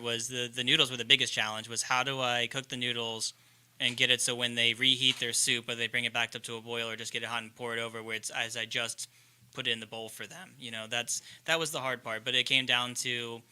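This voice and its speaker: A man's voice: mid-range voice, bright, forceful tone, smooth. A man who runs a ramen business, explaining his cooking at length in a casual podcast conversation. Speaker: chef and ramen maker.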